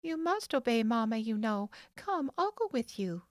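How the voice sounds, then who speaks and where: A woman voicing a gentle, kind older sister in an audiobook, speaking quietly and softly. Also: fairly high pitch, big pitch swings, moderate pace, no room sound, studio quality, voice pushed up. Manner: quiet, soft. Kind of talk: audiobook character voice.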